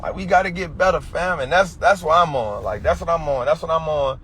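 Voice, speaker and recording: A man's voice: a little high, brisk, fairly bright tone, a little hiss or hum. A man with an Atlanta Black American English accent, giving a preachy finance talk on a livestream in street slang, repeating his points. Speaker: finance educator.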